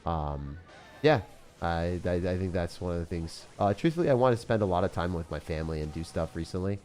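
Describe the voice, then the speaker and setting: A laid-back young man with a fairly low voice, chatting loosely with his stream viewers. He drops dude and bro all the time and laughs easily. Soft music plays faintly under his talk. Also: expressive, fairly quick. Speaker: game streamer. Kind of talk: casual live-stream chat.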